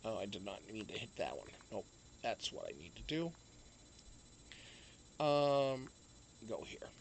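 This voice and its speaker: A man's voice: lowish voice, sing-song, a little slow, slight background noise. A man hosting a casual live stream from home, rambling with lots of fillers and swearing freely. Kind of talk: casual chat.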